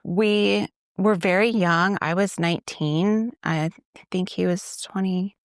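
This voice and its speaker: A woman's voice: mid-range voice, fairly even intonation, a little slow, no echo, studio quality. A woman, a church ministry assistant, telling her faith story in a casual interview and quoting her own past thoughts as she goes. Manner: conversational, retelling with quoted inner thoughts.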